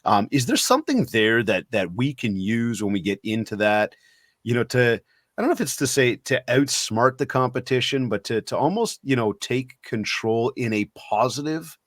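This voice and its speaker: A man hosting a podcast, asking rambling questions and telling stories in a lively, animated way. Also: medium pitch, normal speed, dry recording, clean studio sound. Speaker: podcast host. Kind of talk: casual interview conversation.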